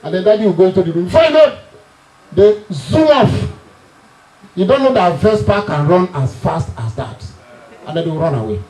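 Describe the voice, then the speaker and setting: A middle-aged family member with a Nigerian accent speaks at a reunion in a very animated, high voice with a darkish tone, keeping a moderate pace broken by long pauses. He chuckles through funny family tales and pokes fun at his audience, captured on a rough recording.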